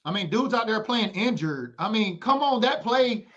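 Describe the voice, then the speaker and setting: A man's voice: high-pitched, expressive, normal speed, fairly bright tone. A man co-hosting a casual sports podcast, hyped and playful, teasing rival fans. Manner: hyped, playful trash talk. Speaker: podcast co-host. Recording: dull lo-fi audio.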